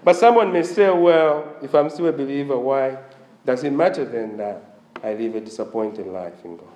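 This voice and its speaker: A man's voice: medium pitch, normal speed, a little mellow, roomy sound. A man preaching a sermon, with a slightly strained voice, asking the congregation questions as he goes. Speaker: pastor.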